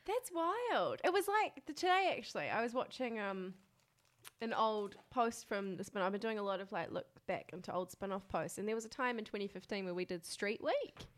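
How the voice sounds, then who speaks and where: Lively giggly New woman. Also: medium pitch, moderate pace. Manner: giggly, playful. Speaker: podcast co-host. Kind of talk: casual chat. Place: dining room.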